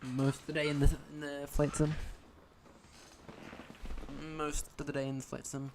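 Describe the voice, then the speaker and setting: A man's voice: a little high, completely flat delivery, moderate pace, background noise. A young American man chatting casually while streaming a flight simulator, rambling and often correcting himself. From United States. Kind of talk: casual live-stream chat.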